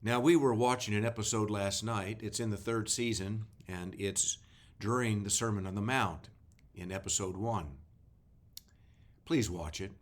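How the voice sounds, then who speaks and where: A man, a pastor giving a devotional talk and reading scripture slowly and deliberately, stressing key words. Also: fairly low pitch. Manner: slow, deliberate reading with emphasis.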